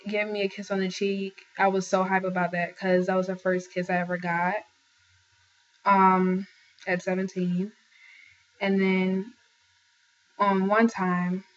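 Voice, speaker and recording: A woman's voice: mid-range voice, muffled recording, slight background noise. Earnest young woman telling her story. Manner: earnest, advising viewers directly, with many fillers and restarts. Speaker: vlogger sharing a personal testimony. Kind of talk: casual personal storytelling.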